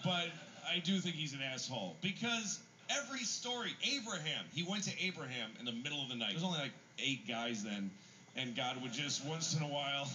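A man's voice: a little high, animated, fairly quick, pushed and bright, slight background noise, low-quality recording. A man doing a stand-up comedy routine, telling stories in an irreverent, profane way.

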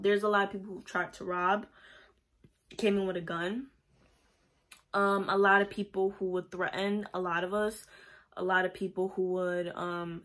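In a casual vlog, a young woman from Puerto Rico rambles chattily about being a pharmacy technician, dropping lots of fillers. Her voice is medium-pitched with a fairly bright tone.

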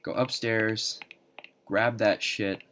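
A young woman playing a horror game, panicky and swearing a lot, swinging from low mutters to high shrieks. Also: level tone, slow pace, fairly bright tone, slight background noise. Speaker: gaming channel host. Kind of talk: horror game let's play commentary.

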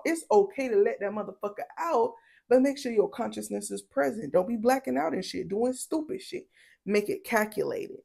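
A woman's voice: medium pitch, creaky, darkish tone. A woman giving a casual tarot reading to camera. She is blunt and profane, preaching with emphasis and stretching her words to drive points home. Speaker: tarot reader.

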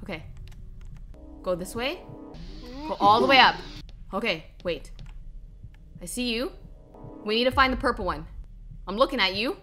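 A woman's voice: on the high side, expressive, normal speed, pauses often, sharp tone. Chatty young woman gaming commentary. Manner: chatty, talks to viewers, frequent exclamations. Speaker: gaming streamer. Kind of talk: casual gameplay commentary. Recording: music playing behind.

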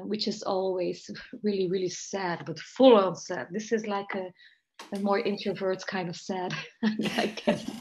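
A Belgian-accented woman talks through vocal technique over a video call, thoughtful and analytical. Her voice sits at an ordinary middle pitch for a woman. The call audio is slightly dull and muffled. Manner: thoughtful, analytical, light laughs between points. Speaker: jazz voice teacher and researcher. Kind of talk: online interview, analyzing singing technique.

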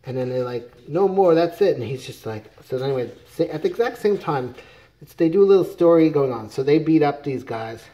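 A man's voice: medium pitch, animated, fairly quick, warm tone. A middle-aged man casually retelling a comic book plot, rambling with many fillers and restarts. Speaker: comics reviewer.

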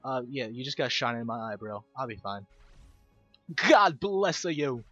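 A man's voice: medium pitch, fairly even intonation, fairly quick, pushed and bright, highs cut off, faint music behind. A man hosting casual game commentary, rambling, stumbling over words and poking fun at himself. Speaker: gaming video host.

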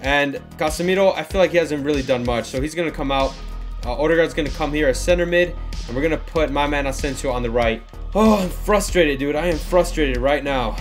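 A young man commenting live on his own football video game match, excitable, with frustrated outbursts and shouts at big moments. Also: a little high, brisk, soft background music. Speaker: gaming YouTuber.

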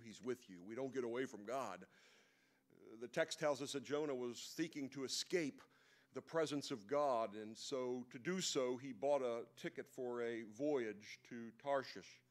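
At a men's breakfast, a man with a medium-pitched voice gives a sermon, retelling a story in an easygoing, conversational way and tossing in the occasional aside.

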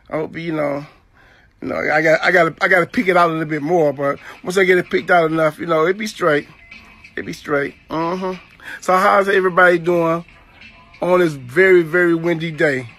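A man talking casually to his viewers in a relaxed way, filling with "you know". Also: on the high side, moderate pace, faint music behind. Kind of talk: casual vlog talk to viewers.

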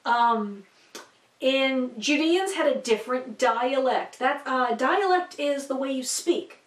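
Rambling female Bible teacher, high voice, distant mic in a reverberant room. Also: slow pace. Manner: rambling, chatty, many fillers and asides. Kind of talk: casual teaching to camera.

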